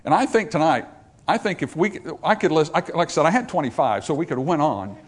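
Older male pastor, high voice with big swings in pitch, emphatic preaching full of rhetorical questions. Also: animated, fast talker, breathy edge. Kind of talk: sermon.

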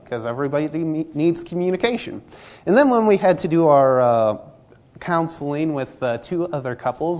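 A man preaching a sermon in a conversational way, acting out little scenes and voices from everyday church life. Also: a little high. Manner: conversational, acts out dialogue in anecdotes.

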